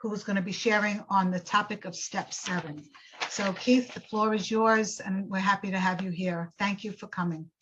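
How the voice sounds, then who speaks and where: A woman hosting a meeting who introduces the speaker in a slow, welcoming way. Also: mid-range voice, steady tone, a bit bright, dull audio, slight background noise. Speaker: meeting host. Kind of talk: formal introduction.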